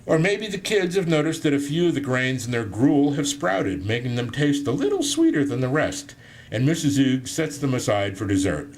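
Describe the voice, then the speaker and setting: A man's voice: medium pitch, very animated, moderate pace. A man reading aloud from his own book to a live audience, breaking off for self-deprecating jokes. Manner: self-deprecating, joking asides. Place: indoor room with an audience.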